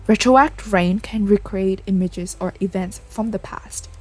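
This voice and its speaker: A woman reading aloud the lines of a calm, level-headed young traveler in a game, explaining things steadily. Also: mid-range voice, measured pace, close to an everyday voice.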